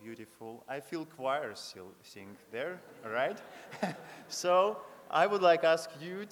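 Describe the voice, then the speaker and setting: A man, a choir director teaching a congregation to sing, speaking in halting, friendly, broken English. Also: a little high, slight background noise. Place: large chapel. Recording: long hall reverb.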